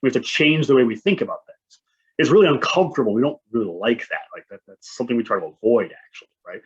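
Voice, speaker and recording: A man's voice: medium pitch, fast talker, slightly rough. A man in his thirties presenting a conference talk, speaking in a conversational way and often asking "right?". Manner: conversational, frequent "right?" tags. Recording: dull lo-fi sound.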